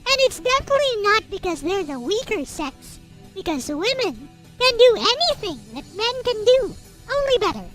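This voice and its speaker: A smug troll with a piercing, squeaky voice that swoops up and down as it reads in a sarcastic, mock-solemn tone, as a streamer puts it on. Faint music plays behind it. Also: sing-song, moderate pace, a bit bright, exaggerated voice. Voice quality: very high, squeaky put-on voice. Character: squeaky high-pitched troll, mocking and smug. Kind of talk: reading satirical prose aloud in a character voice.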